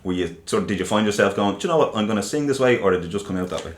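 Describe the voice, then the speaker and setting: A man's voice: on the low side, lively intonation, racing. A man with an Irish accent interviewing, asking long rambling questions with restarts. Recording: echoey room.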